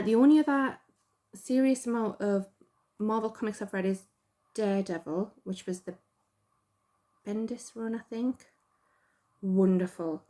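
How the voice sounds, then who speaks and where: A woman's voice: mid-range voice, dark tone. Middle-aged woman, Geordie accent, casual rambling chat, self-deprecating, lots of ums. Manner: chatty, rambling, self-deprecating, with many fillers. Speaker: podcast host.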